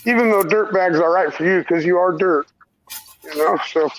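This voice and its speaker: A man's voice: high-pitched, moderate pace, a little hiss or hum, low-quality recording. A man chatting casually on a live stream, joking crudely and swearing freely.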